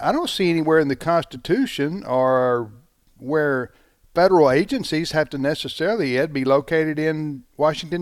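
A man's voice: a little high, no echo, clean studio sound. A man hosting a live radio talk show, chatting casually with many fillers and restarts. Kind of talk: casual live studio chat. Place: radio studio.

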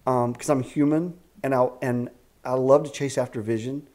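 A man's voice: mid-range voice, normal speed. Man in his fifties telling faith stories. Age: 50s. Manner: animated storyteller with frequent restarts and faith talk. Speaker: executive director of a ministry camp. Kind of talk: casual storytelling interview. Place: a house at a rural camp.

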